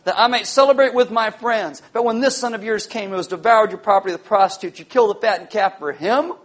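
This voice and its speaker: A man voicing a resentful older brother from a parable, complaining bitterly and accusingly in a loud, slow-ish voice within a sermon. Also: high voice.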